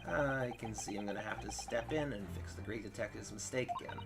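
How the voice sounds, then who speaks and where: A man's voice: lowish voice, fairly quick, gravelly, hardly any pauses, loud music behind the voice. A man reading and commenting on a story game, with wry, self-deprecating asides. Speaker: let's play host.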